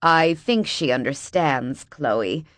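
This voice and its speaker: A woman voicing a kindly, soft-spoken aging male millionaire. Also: low-pitched, lively intonation, unhurried, no room sound.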